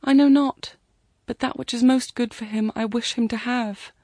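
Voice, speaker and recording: A desperate young woman pleading for her beloved, as a woman narrator puts her on, her voice lifted and intense. The tone is breathy and close, with a dry, roomless sound. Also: a little high, steady tone, moderate pace, warm tone, dry recording, voice pushed up, natural voice.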